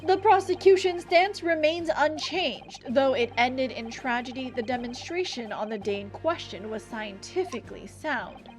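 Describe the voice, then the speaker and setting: A woman's voice: high-pitched, lively intonation, faint music behind. A woman playing a cold, stern prosecutor. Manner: formal, severe, deliberate.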